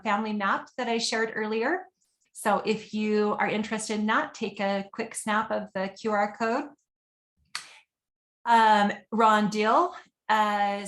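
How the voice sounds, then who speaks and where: A woman's voice: mid-range voice, fairly bright tone, reverberant. A woman giving a webinar presentation over a computer mic, earnest and conversational with frequent fillers.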